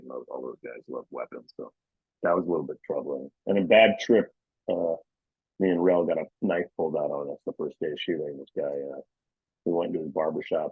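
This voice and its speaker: A comedian telling prank stories in a casual interview, lively and blunt, recorded on a video call. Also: male voice, slightly rough, no echo, narrow, tinny audio. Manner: animated storyteller, acts out quoted people in high voices. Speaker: comedian and prank show host, guest.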